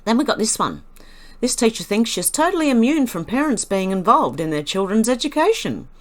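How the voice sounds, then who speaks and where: Woman from Australia, wry and chatty reaction host with a lively pitch. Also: brisk. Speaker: commentary channel host. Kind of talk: reaction commentary.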